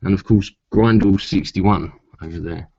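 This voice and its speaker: A man's voice: low voice, measured pace, creaky, mellow, breathy edge, no echo. A man chatting casually to camera in a rambling way, with many asides, and swearing when riled. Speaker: vlogger. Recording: dull lo-fi sound.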